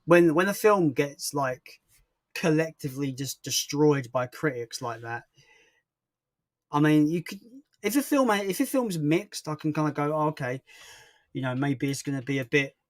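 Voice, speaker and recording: A man's voice: fairly high pitch, lively intonation, moderate pace, no echo, clean studio sound. A young man hosting a casual livestream and chatting through viewer comments in a rambling, self-deprecating way. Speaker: livestream host.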